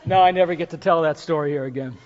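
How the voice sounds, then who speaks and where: A man preaching a sermon as pastor, talking casually and jokingly with filler pauses. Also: fairly high pitch, darkish tone. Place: church sanctuary. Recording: dull recording with long hall reverb.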